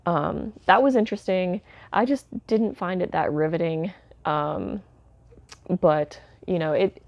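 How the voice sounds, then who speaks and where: Gravelly, low-voiced woman reviewing films. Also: a little slow, a little mellow, no echo, lo-fi sound. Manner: chatty, many fillers like "um" and "like"; candid, mildly sardonic asides. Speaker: home video reviewer. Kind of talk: casual spoken film review.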